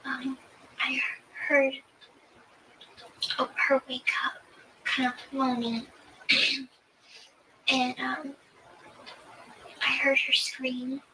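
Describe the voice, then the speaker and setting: A young woman answering an investigator's questions in a recorded interview, soft and hesitant with many pauses. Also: high-pitched, completely flat delivery. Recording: distant mic with faint hiss.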